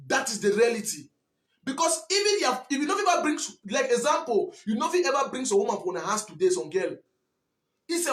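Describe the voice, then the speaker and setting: A man with a Cameroonian Pidgin English accent delivers a fiery, scolding monologue and keeps repeating himself for emphasis. His voice sits very high. The room adds a clear echo. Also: fairly bright tone. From Southwest Cameroon. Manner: preachy, repetitive, scolding. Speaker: commentator. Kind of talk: impassioned monologue.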